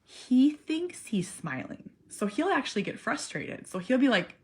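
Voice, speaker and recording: A woman in her forties, a parent talking casually to camera, earnest and animated, sometimes dropping to a soft near-whisper. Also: high voice, measured pace, slightly rough. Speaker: parent vlogger. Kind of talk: casual personal vlog.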